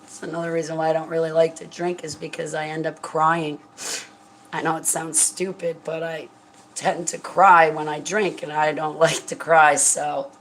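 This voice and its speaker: A grieving woman, tearful and halting, chatting emotionally and rambling to her viewers. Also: low-pitched, flat delivery, fairly bright tone, slight background noise, rough recording. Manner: halting, rambling and raw with grief. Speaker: vlogger talking to viewers. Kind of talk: emotional live chat to viewers.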